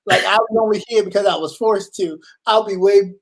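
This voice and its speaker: A man co-hosting a casual chat, telling animated stories and acting out his family's voices, swearing freely. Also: high voice, fairly quick, few pauses, poor audio. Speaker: co-host.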